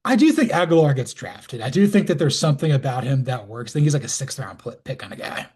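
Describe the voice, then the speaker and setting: A man co-hosting a college football podcast, relaxed and self-deprecating, steering the talk between topics. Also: medium pitch, fast, husky. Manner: relaxed, self-deprecating, moves the show along. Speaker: podcast co-host. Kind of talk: casual sports chat.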